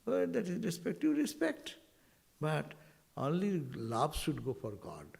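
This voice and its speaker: A man giving an informal spiritual talk to devotees, animated and full of rhetorical asides. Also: fairly high pitch, unhurried, creaky. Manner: animated, rhetorical asides, quotes Sanskrit verses.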